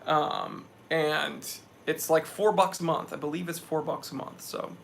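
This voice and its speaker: A man's voice: fairly high pitch, steady tone, measured pace, gravelly, a little hiss or hum. A young man hosting a casual live stream, sweaty after a hike, talking with energy as he reads out viewers' chat messages.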